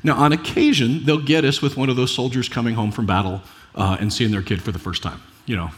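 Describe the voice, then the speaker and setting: Brief: middle-aged male pastor, mid-pitched, casual preaching with "right?" asides. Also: fairly even intonation, brisk. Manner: chatty, rhetorical asides, frequent restarts. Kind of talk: conversational sermon.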